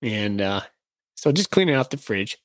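A man's voice: on the low side, sing-song, normal speed, no echo. An easygoing man co-hosting a podcast, with a mid-range voice and a self-deprecating way of talking. The sound is dry and close. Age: adult. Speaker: podcast co-host. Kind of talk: casual podcast chat.

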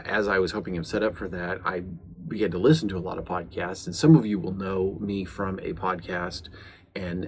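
A man's voice: low-pitched, slight background noise. A man in his forties, a podcast host and police chaplain, talking earnestly in a rambling casual monologue full of uhs and restarts.

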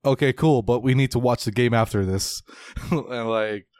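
A man chatting casually about soccer, laughing often and breaking into high exclamations. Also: moderate pace, a little mellow, dry recording. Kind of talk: casual chat.

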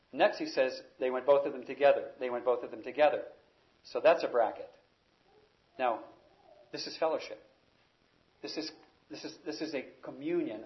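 A man's voice: mid-range voice, lo-fi sound. A man preaching an expository sermon, teaching emphatically and raising his voice on key words.

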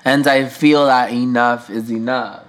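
A man's voice: medium pitch, fairly even intonation, measured pace. A man hosting a podcast, talking through his feelings in a candid, emotional solo monologue, swearing freely with casual slang and lots of fillers. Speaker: podcast host.

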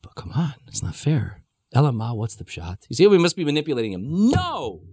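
A man's voice: mid-range voice, big pitch swings, fairly quick, darkish tone, slightly rough, dry recording, clean studio sound. A man teaching a scripture class in an emphatic way, with rhetorical questions and playful asides. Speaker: religious teacher.

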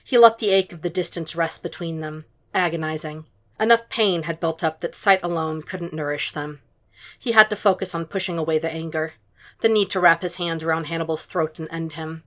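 A woman reading fan fiction aloud in a calm, measured audiobook narration. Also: deep voice. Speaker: podfic reader.

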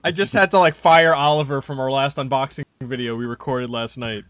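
A man's voice: mid-range voice, fairly even intonation, fairly quick, fairly bright tone, no echo, highs cut off. A man co-hosting a podcast, rambling through anecdotes in casual chat. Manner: rambling anecdotes, acts out quotes. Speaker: podcast co-host.

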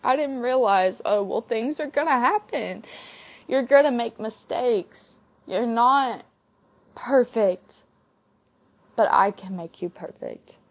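A young woman hosting her own podcast, giving a halting, heartfelt faith testimony with soft laughs while tearful from crying. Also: on the high side, lively intonation. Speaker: podcast host.

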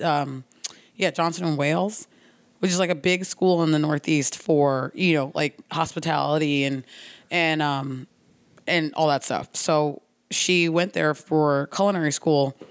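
A woman's voice: low voice, no echo. A woman co-hosting a podcast in casual chat, chatty, laughing often and full of fillers.

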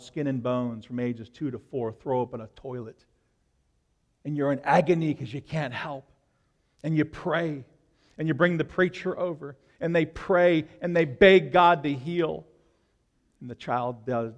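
A male pastor preaching an impassioned sermon, swinging between loud, urgent lines and hushed ones. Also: medium pitch, in a large hall.

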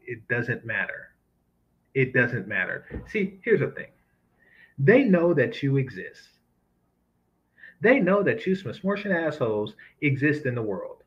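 A man's voice: mid-range voice, lo-fi sound. A man ranting in sarcastic, profane commentary as he reacts to news clips. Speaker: commentary host.

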